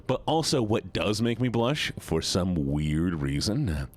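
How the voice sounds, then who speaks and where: Giggly low-voiced male streamer. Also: sing-song, unhurried. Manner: giggly, rambling, often breaks into laughter; stumbles and restarts mid-sentence. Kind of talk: casual live-stream chat with viewers.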